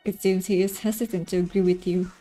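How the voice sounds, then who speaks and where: A woman voicing a cold, scheming male doctor in a visual novel, speaking calmly and formally. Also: medium pitch, normal speed, soft background music, lightly acted. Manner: calm, formal, menacing.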